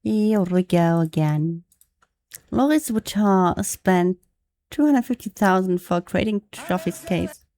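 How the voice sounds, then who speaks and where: A woman's voice: fairly low pitch, lively intonation, takes it slowly, dark tone. A young adult woman streaming, chatting casually, laughing often and reading phrases aloud to practice them. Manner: giggly, reads text aloud and retries lines. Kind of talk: casual live-stream chat.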